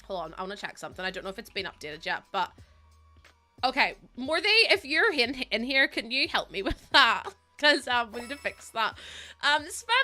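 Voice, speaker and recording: A bright-toned young Northern Irish woman talks to her live-stream viewers as she plays. Her voice sits on the higher side, and she giggles and gushes, close to tears with thanks. Soft music plays faintly behind her. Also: expressive, moderate pace. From Northern Ireland. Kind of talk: live-stream chat with viewers while playing.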